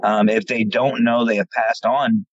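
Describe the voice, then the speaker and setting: A man from central Pennsylvania, a paranormal investigator guest, telling stories casually and acting out quoted dialogue with animated delivery. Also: medium pitch, a little slow, no room sound, highs cut off. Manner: animated, repeats words when starting, acts out quoted dialogue. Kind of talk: casual storytelling interview.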